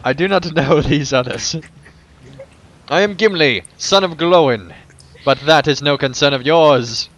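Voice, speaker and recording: A man's voice: fairly high pitch, a little slow, fairly bright tone, muffled recording. Gimli, a stern dwarf warrior, as a man voices him. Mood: proud. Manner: formal, stiff-spoken, reads in character. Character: gruff male dwarf warrior, proud and stern. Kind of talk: reading game dialogue aloud in character.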